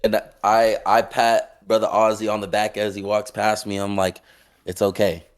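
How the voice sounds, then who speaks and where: Man, tabletop player, deep voice, calm. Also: moderate pace. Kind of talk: casual tabletop play.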